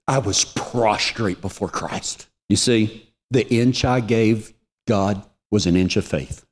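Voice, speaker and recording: A man gives an emotional sermon testimony. His voice sinks to near whispers and then climbs sharply in pitch as he builds, with wide swings in loudness. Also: lively intonation, normal speed. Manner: emotional storytelling, swings from hushed to soaring. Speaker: preacher.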